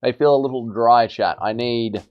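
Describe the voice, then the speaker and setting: A man's voice: mid-range voice, moderate pace, dull audio, soft background music. A young man hosting a casual livestream, bantering as he reads and answers viewers' chat messages. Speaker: livestream host.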